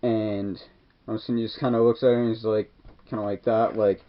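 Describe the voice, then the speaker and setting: Fairly low-pitched and level, a man speaks at a quick pace while casually retelling a movie's scenes. This movie reviewer rambles with constant "like" and "kinda," and the recording is dull and lo-fi.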